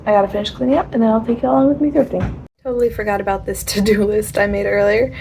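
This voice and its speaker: A woman's voice: mid-range voice, fairly even intonation, quick pace, gravelly, warm tone, slight background noise. A young woman chatting casually in a rambling, laughing way as she vlogs her day. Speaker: vlogger. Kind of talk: casual vlog chat.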